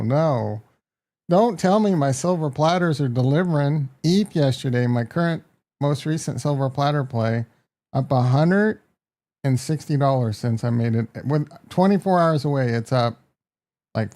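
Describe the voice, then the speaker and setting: A man's voice: mid-range voice, animated, measured pace, gravelly, darkish tone. A man with a Midwestern American accent hosting a casual live stock market stream, brash and joking as he reacts to prices and talks to his chat. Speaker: market livestream host.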